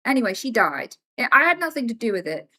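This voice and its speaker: Speaking fast in a fairly high voice, a woman streams live from home and tells her chat a casual story. She's animated and emphatic, swearing plenty as she goes.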